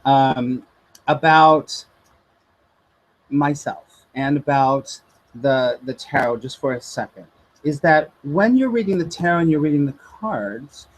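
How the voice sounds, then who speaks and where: A man teaching tarot in a chatty, animated way, often checking in with his listeners. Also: medium pitch, husky, poor audio. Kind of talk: informal teaching talk.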